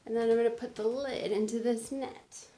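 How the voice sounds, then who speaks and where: A woman teacher speaking gently to children in a video lesson, recorded on a phone. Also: on the high side, fairly even intonation. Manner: slow, gentle, explaining to kids. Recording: phone video with faint noise.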